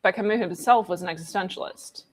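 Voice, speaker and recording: A woman's voice: medium pitch, fast talker, husky. A woman co-hosting a livestream, chatting playfully and rambling, often laughing. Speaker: livestream co-host. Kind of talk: casual chat.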